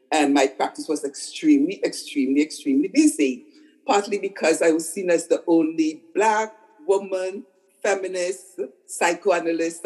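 A woman's voice: on the low side, warm tone, low-quality recording. An older woman, a psychotherapist, talking conversationally and repeating words for emphasis. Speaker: psychotherapist guest. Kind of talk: conversational storytelling.

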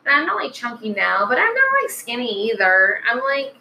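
A woman's voice: fairly high pitch, sing-song, fairly quick, gravelly, bright, forceful tone, muffled recording. Woman host, loose chatty podcast talk, noticeable background noise. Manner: chatty, slangy, lots of "like". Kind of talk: casual podcast chat.

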